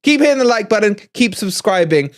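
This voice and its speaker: Excitable English man, high voice. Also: fairly quick. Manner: excitable, gloating, chats with viewers. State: out of breath. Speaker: fan channel host. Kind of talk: live-stream match review.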